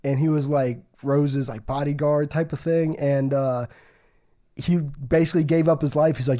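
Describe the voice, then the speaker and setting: Young male co-host, mellow and slightly high, rambling sweary storyteller. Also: steady tone, normal speed. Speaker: podcast co-host. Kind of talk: casual chat.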